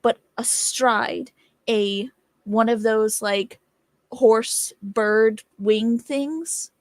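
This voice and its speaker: A woman playing a tabletop game, spinning a playful, animated scheme for her character. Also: a little high, very slow. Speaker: player. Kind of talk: in-character tabletop role-play.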